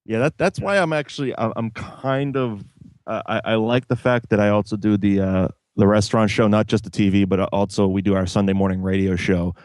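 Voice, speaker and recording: A man co-hosting a casual podcast, spinning laid-back stories and chuckling along with his friends. His voice sits on the low side and sounds close and dry, with no room around it. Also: fairly even intonation, fairly quick, a little mellow, no echo. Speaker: podcast co-host.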